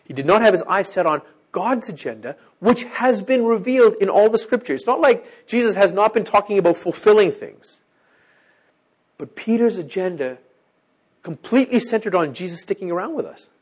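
Brief: male preacher, husky, fairly high-pitched, lively delivery that keeps checking in with the congregation. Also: normal speed. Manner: animated, keeps checking in with listeners. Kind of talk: sermon.

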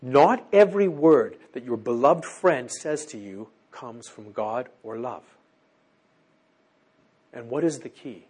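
A man preaching a sermon in an animated way, who keeps checking in with his listeners. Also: medium pitch, slow pace, breathy edge.

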